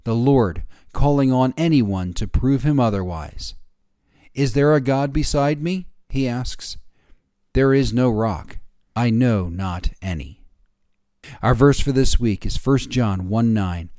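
A man hosting a daily Bible reading podcast, giving devotional commentary in a measured way and slowing down for quoted scripture. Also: mid-range voice, mellow, no echo, studio quality.

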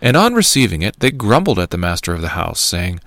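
A man reading scripture aloud in a measured, even way. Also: low voice, vocal fry, no echo. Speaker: scripture reader.

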